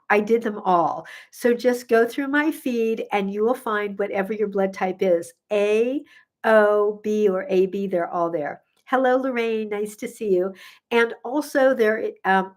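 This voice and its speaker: A middle-aged woman, a gut health coach, chatting casually on a live stream, bubbly and effusive with many ums, a little sniffly. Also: mid-range voice. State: sniffly from pollen.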